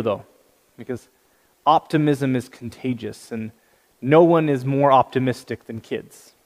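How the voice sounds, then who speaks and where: A male pastor giving a sermon, telling light humorous stories, in a reverberant hall. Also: medium pitch.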